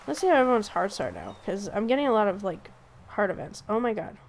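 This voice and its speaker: A woman streamer giving casual, excitable commentary as she plays a game, talking to herself. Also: mid-range voice, fast talker, gravelly. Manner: chatty, excitable, talks to herself. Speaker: gaming streamer. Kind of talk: casual let's play commentary.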